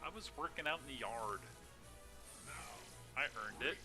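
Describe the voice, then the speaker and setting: A man's voice: mid-range voice, animated, unhurried, over music. A man chatting casually and laughing often while live-streaming a game.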